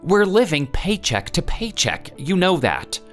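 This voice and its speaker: A man's voice: high voice, big pitch swings, unhurried, faint music behind. A man voicing a weary, defensive husband in a dramatized story. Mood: exasperated. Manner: defensive, exasperated. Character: weary husband who had an affair.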